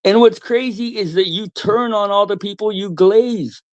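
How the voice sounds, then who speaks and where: A man's voice: high voice, normal speed, dry recording. A man ranting at someone in a heated chat, swearing heavily and mocking him. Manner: profane, ranting, mocking with put-on voices. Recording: dry, dull lo-fi sound.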